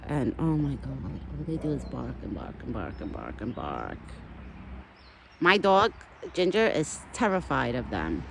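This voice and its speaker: A woman's voice: deep voice, background noise. A woman casually chatting to camera in her backyard, rambling on and talking sweetly to her deer. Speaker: vlogger feeding a pet deer. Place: outdoors in a backyard.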